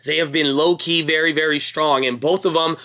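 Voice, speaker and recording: Pumped-up young guy going over his trade picks, bright forceful voice, a bit high. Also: fairly even intonation, a little fast. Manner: hyped, pep-talk energy, calls viewers baby and bro. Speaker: stock market video host. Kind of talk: casual market recap to viewers.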